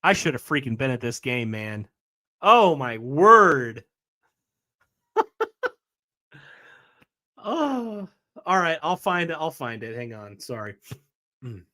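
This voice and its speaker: A man hosting a live reaction stream, excited and rambling, apologizing as he juggles things. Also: medium pitch, moderate pace. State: recovering from a week of sickness, coughing.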